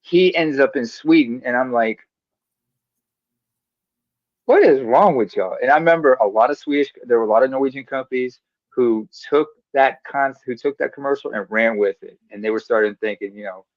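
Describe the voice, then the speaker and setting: A male podcast co-host in casual sports chat, telling animated stories and drifting onto tangents. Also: mid-range voice, no echo. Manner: animated storyteller, goes off on tangents. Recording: dull, dry lo-fi sound.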